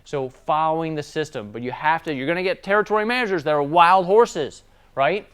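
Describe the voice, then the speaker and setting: A man's voice: on the high side, brisk, a bit bright, clear, resonant tone. A man giving a casual sales training talk, telling stories and often checking in with tag questions. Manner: conversational storytelling, tag questions.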